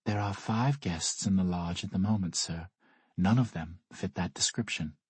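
A man reads as a timid female hostess in this audiobook. She speaks quietly and politely, in a low, husky voice recorded dry and close. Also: normal speed, no room sound.

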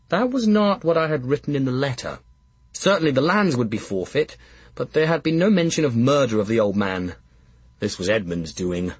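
A man narrating an audiobook in a wry, lively storytelling manner. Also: mid-range voice, normal speed, slightly rough, no room sound.

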